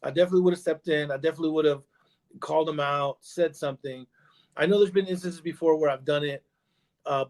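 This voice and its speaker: A man guest on a parenting podcast, telling a story casually with many fillers, restarts and "you know"s. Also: fairly high pitch. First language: bilingual in Spanish.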